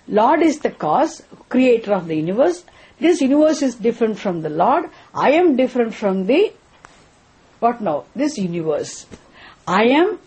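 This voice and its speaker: A woman's voice: on the high side, a little mellow, slightly rough. A woman giving a philosophy lecture as a spiritual teacher, often stopping to quiz her listeners and repeating key terms for emphasis. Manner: quizzes listeners with rhetorical questions.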